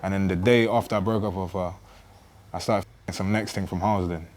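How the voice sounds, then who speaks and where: A man's voice: low-pitched, fairly even intonation, brisk, noisy background. A man chatting casually, telling stories in laid-back slang. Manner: laid-back slangy storytelling, tags lines with "bruv". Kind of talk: casual chat.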